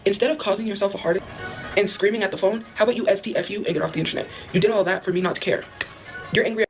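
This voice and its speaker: A woman's voice: mid-range voice, steady tone, racing, soft background music. A woman in a played clip rambling and mocking someone, repeating herself. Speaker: internet personality in a clip. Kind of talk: casual rant to camera.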